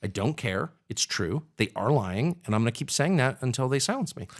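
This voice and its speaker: A man's voice: medium pitch, animated, fairly quick. A man who is a political commentator, speaking as an interview guest with emphatic, indignant rhetorical questions. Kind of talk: candid conversational interview.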